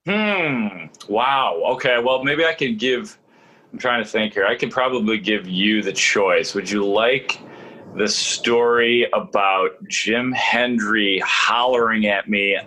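A man's voice: on the low side, takes it slowly, low-quality recording. A middle-aged man, a sports reporter telling stories as a guest in a casual radio chat. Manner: animated storyteller, acts out quotes.

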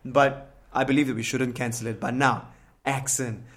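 A man's voice: mid-range voice, normal speed. A man from Singapore with a Singaporean English accent, co-hosting a casual podcast chat and telling stories candidly. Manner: animated, storytelling, candid.

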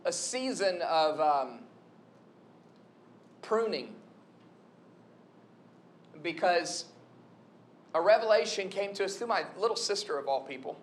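A man's voice: sits high, slow pace, long pauses, slight background noise. A young adult man giving a conversational, storytelling sermon. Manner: conversational, storytelling, animated retelling. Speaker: preacher.

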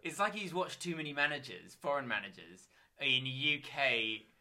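Lively bright man joking. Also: medium pitch, moderate pace. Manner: jokey, slips into mock Italian and footballer voices. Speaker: podcast co-host. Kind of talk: casual comedic chat.

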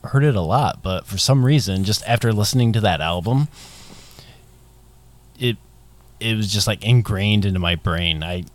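A man's voice: on the low side, normal speed, pauses often. A man co-hosting a podcast in casual chat, teasing his partner and laughing often. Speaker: podcast co-host.

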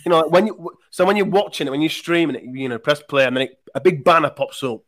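A man's voice: on the high side, quick pace, fairly bright tone. A man in his thirties hosting a podcast, telling rambling emotional stories in casual chat and swearing freely.

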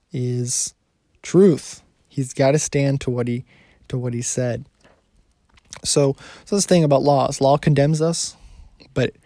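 Gravelly-voiced man giving a casual sermon. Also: medium pitch, warm tone, no echo, studio quality. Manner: conversational, frequent restarts and self-corrections. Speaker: Bible teacher.

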